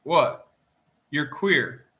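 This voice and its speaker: A man reading a tired young waitress who snaps back bluntly and stays proud. He keeps his own bright, sniffly voice. There are only light hints of her in the delivery. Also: a little high, big pitch swings, extremely slow, heavily acted. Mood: accusing. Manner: blunt, indignant retorts. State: sniffling from allergies. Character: weary young Mexican waitress, proud and sharp.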